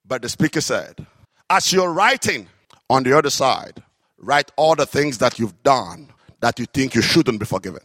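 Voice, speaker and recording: A man preaching a sermon, telling stories with animated, drawn-out emphasis on key phrases. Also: medium pitch, no room sound, clean studio sound. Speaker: works alongside a psychiatrist in an office.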